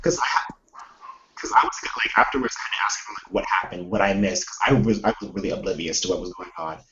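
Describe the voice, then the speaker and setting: A man's voice: deep voice, fast talker, sharp tone, roomy sound, dull audio. A man chatting casually, rambling through a story with lots of restarts. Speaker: live chat participant. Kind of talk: casual chat.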